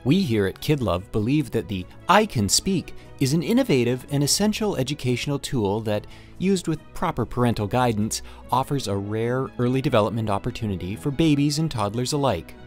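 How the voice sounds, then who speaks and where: Animated male audiobook narrator. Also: mid-range voice, fairly quick, few pauses. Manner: animated, emphatic on the product name. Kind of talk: first-person audiobook narration of a letter. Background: faint background music.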